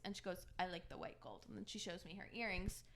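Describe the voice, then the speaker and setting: A woman's voice: medium pitch, fast, vocal fry, a little hiss or hum. Woman telling a story, acting out quotes. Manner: animated storyteller who acts out quoted dialogue. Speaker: podcast co-host. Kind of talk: casual storytelling chat.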